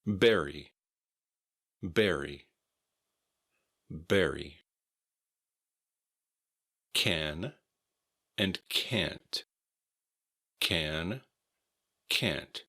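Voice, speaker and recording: Deep american guy drilling pronunciation super slow, bright clear tone. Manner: slow, deliberate, repeats and spells words out. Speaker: pronunciation teacher.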